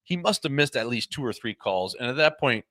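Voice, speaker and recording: A man co-hosting a hockey podcast, telling casual, animated stories about his pro career and swearing freely. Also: mid-range voice, a little fast, no room sound, clean studio sound. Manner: animated anecdotes with quoted voices, swears freely. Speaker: podcast co-host, former pro hockey player. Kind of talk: casual chat, storytelling.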